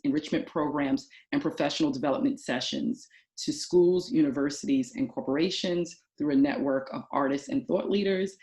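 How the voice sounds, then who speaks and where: A woman panelist introducing herself in a measured, composed way. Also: sits low, darkish tone. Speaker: panelist, organization founder.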